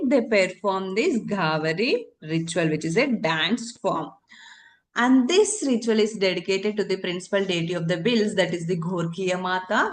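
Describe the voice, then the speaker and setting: A woman's voice: medium pitch, a little hiss or hum. A woman teaching a current affairs lesson for exam candidates, repeating key terms and answering her own questions.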